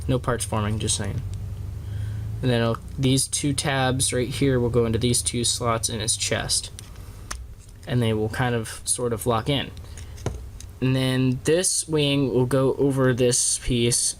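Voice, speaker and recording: This casual toy review has a man talking through the transformation haltingly, correcting himself and using many fillers. His mid-range voice comes with a little hiss or hum, recorded on a camera sitting on a small tripod.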